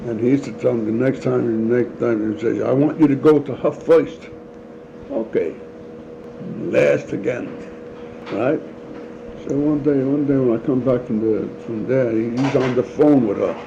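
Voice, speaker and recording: Gravelly older New man telling stories. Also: medium pitch, moderate pace. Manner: animated storyteller acting out voices, laughs often. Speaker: interviewee. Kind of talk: storytelling. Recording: dull lo-fi home recording with faint noise.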